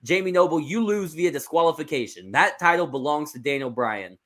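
A man's voice: fairly high pitch, expressive, fairly quick, fairly bright tone. A man voicing a stern wrestling boss. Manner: firm, laying down the law. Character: stern male wrestling authority figure.

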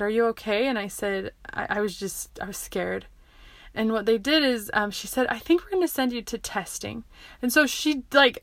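Chatty woman telling a story, lots of likes and um, middle pitch, dry close sound. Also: fairly bright tone, no echo. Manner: rambling, full of likes and restarts. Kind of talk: casual personal storytelling.

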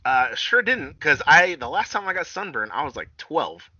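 A man's voice: fairly high pitch, sing-song, moderate pace, bright, forceful tone, no echo, dull audio. Profane self-deprecating young man podcasting. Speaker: podcast co-host. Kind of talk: casual podcast chat.

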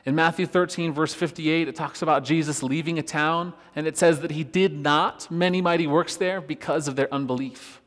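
A worship pastor telling a personal story in a relaxed, conversational sermon, laughing often as he talks. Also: fairly high pitch, moderate pace, few pauses. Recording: long reverb of a church hall.

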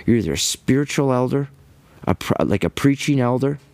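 A man giving an impassioned religious monologue, emphatic and ranting, with quick bursts and repeated words. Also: mid-range voice, expressive, darkish tone, no room sound. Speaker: Christian commentator.

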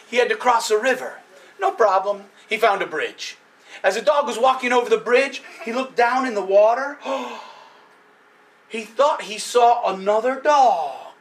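An animated male storyteller spins fables for children, quizzing the crowd and barking like a dog. His voice sits very high and bright, and it is picked up from a distance. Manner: animated, playful, with sound effects and audience questions.

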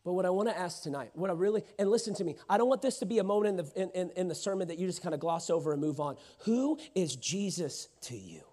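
A man preaching a sermon as pastor, energetic and building to shouts, acting out quoted lines from scripture. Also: high voice, fast, hardly any pauses. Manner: acts out Bible characters' lines in quoted voices.

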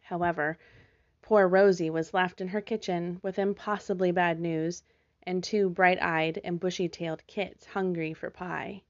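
Gentle woman storyteller, low, gravelly, muffled lo-fi sound. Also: steady tone, measured pace. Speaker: storybook narrator. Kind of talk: scripted narration.

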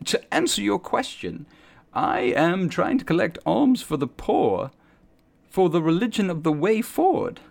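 A man's voice: high voice, very animated, a little slow, creaky, pitched above the performer's own voice, exaggerated voice. A man voicing a zealous male street preacher in white robes who lectures eagerly on his creed. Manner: eager, lecturing, grandly sermonizing.

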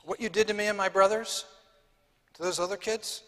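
A man reading the quoted lines of a grieving adult man confronting his abuser, soft and halting. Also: high-pitched, steady tone, in a large hall, pitched above the performer's own voice. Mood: hushed.

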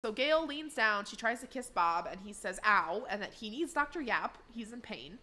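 Woman, podcast co-host, casual chat, animated retelling, acts out quotes. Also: fairly high pitch, normal speed. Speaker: podcast co-host recapping an episode.

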